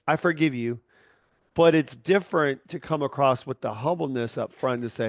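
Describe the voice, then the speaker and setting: A man's voice: medium pitch, normal speed, no room sound, highs cut off. A man hosting a podcast in casual chat, talking in a candid, rambling way with frequent restarts and free swearing. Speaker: podcast host.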